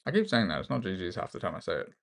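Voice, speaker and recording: Deep yet a bit bright and gravelly, this man's voice swoops wildly in pitch and moves very fast. An Australian chess streamer, he offers easygoing commentary on online games, joking around, self-mocking and thinking out loud.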